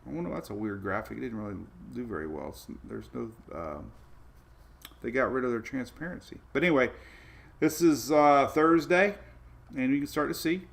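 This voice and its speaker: A man's voice: medium pitch, animated, moderate pace, gravelly. Chatty man hosting a weather livestream. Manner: rambling, chatty, many fillers and restarts, greets viewers by name. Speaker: weather show host. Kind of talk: casual livestream weather talk.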